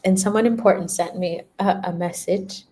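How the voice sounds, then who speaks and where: A woman's voice: lowish voice, steady tone, moderate pace, dark tone. A young woman giving a casual spiritual talk to her viewers, laughing often, repeating herself and acting out little quoted voices. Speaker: spiritual energy reader.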